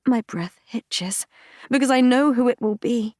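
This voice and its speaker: A woman's voice: a little high, a little slow, dark tone, dry recording. Woman narrating a first-person audiobook, dry sound. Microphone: close studio mic, dry.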